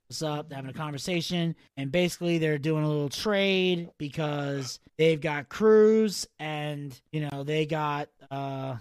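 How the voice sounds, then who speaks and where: A man's voice: fairly high pitch, clean tone, no echo, studio quality. A man hosting a podcast, recapping wrestling in casual, blunt, profane chat. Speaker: podcast host.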